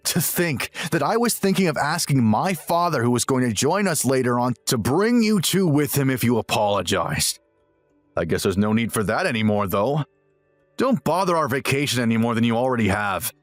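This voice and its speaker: A man's voice: medium pitch, expressive, normal speed, no room sound, soft background music, lightly acted. A man voicing a smug, self-righteous young husband who lectures and sneers in a dramatized text-message story. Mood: scolding.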